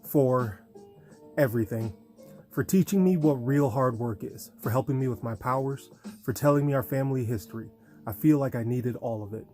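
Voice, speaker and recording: A man's voice: mid-range voice, moderate pace, mellow, soft background music, close to an everyday voice. A male audiobook reader voicing an earnest, bantering teenage boy hero. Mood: grateful.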